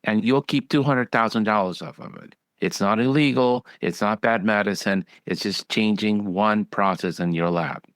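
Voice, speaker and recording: A man's voice: fairly low pitch, moderate pace, hardly any pauses, fairly bright tone, no echo. A man who is a physician, hosting a podcast and chatting bluntly, acting out other voices when he tells stories. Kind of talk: casual interview chat.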